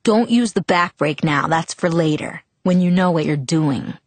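A woman's voice: sits low, animated, normal speed, no room sound. A woman reading the lines of a teasing, easygoing teenage boy in an audiobook. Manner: teasing, casual.

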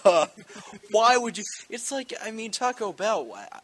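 A young man in casual chat, making quick jokey remarks. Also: sits high. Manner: jokey, animated, quick quips.

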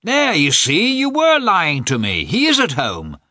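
A man voicing an effusive, kindly aristocratic gentleman who exclaims and pleads in a high voice. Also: wildly swooping pitch, measured pace, breathy edge, no room sound, studio quality, heavily acted. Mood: cheerful.

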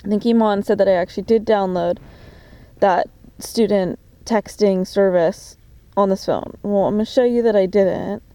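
A woman records herself on a phone, venting in an agitated, suspicious ramble laced with swearing. Her voice is dark and mellow, and the sound is dry and close. She halts often on fillers and restarts mid-thought. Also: mid-range voice, steady tone, no room sound. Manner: many fillers and halting restarts. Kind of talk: casual monologue to camera, diary-like.

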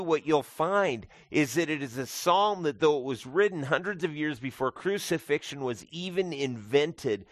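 A man's voice: a little high, fairly bright tone, no echo, clean studio sound. A male pastor giving a conversational sermon, explaining scripture with casual asides. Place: church.

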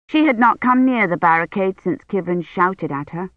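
A woman reading a novel aloud as narrator in a calm, measured way. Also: lowish voice, no echo. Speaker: audiobook narrator. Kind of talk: scripted narration. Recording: tinny phone-like line.

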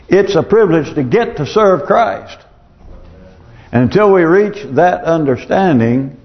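A man preaching as pastor in a church, earnest and pleading, repeating phrases for emphasis. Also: fairly high pitch. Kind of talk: sermon. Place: church sanctuary. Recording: dull sound with long hall reverb.

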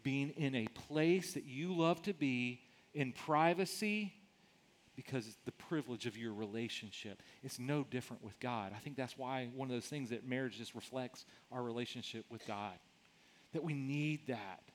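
A man's voice: mid-range voice, moderate pace, slight background noise. A middle-aged man, a pastor, preaching a sermon in a conversational way, often repeating words as he starts sentences.

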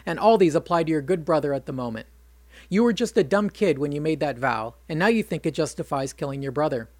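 A narrator voicing a calm, wise divine counselor who patiently lectures. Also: medium pitch, quick pace, no echo, lightly acted. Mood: lecturing.

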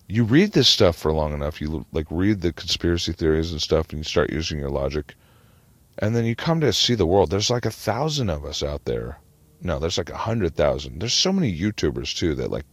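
Rambling very deep-voiced man. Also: no echo. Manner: meandering, full of "like" fillers, profane. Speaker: storyteller. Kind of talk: rambling comedic monologue.

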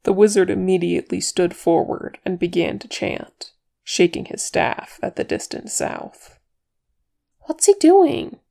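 Slow, gravelly woman reading a story. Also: on the low side. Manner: measured, expressive storytelling. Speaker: audiobook reader. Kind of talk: fan fiction audiobook narration.

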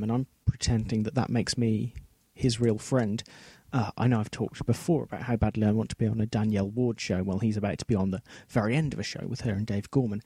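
A man's voice: on the low side, warm tone, breathy edge, no echo. A man co-hosting a podcast, recording a rambling, self-deprecating solo segment. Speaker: podcast co-host.

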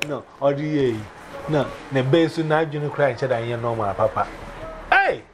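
A man from Ghana with a Ghanaian accent, chatting casually and telling animated, laughing stories that mix Twi and pidgin. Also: medium pitch, unhurried, music in the background. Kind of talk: casual chat.

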